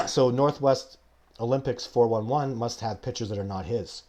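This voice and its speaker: A man's voice: medium pitch, normal speed. A man in his forties hosting a live show, answering viewer questions in an emphatic, rambling way and coughing now and then. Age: 40s. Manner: rambling, emphatic, goes off on tangents. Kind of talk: live-stream casual talk.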